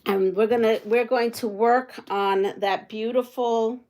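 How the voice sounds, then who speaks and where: Woman, quilting livestream host, unhurried speech, casual chat, thinks aloud while working. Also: on the high side, steady tone, darkish tone, a little hiss or hum. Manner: thinks aloud, chats with viewers' comments. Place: at home.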